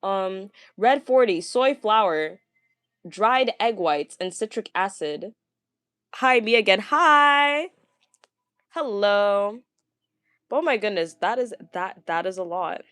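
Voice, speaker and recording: A chatty woman vlogger talks casually to her viewers, stuttering and tripping over words, with lots of ums and restarts. Her voice sits at an ordinary middle pitch, and the sound is dry and close with no room echo. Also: expressive, slow. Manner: stumbling, stuttering, many fillers; chatty, gushing. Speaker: vlogger reading viewer comments. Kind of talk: casual livestream chat.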